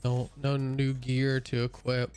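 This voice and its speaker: A man's voice: mid-range voice, monotone, slow pace, darkish tone, soft background music. A young man streaming a game, chatting casually and rambling with lots of fillers and restarts, sounding a bit tired. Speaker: gaming streamer. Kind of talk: casual chat while playing a game.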